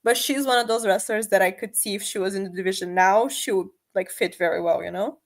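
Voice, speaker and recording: A woman's voice: mid-range voice, quick pace. A woman co-hosting a casual podcast, easygoing and reading out viewer donations. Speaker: podcast co-host.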